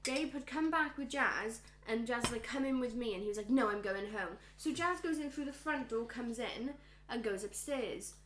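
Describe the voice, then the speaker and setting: Bright, lively woman telling stories. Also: on the high side, normal speed, slight background noise. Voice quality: animated storyteller who acts out quotes. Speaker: podcast co-host and cook. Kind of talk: casual chat. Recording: roomy echo.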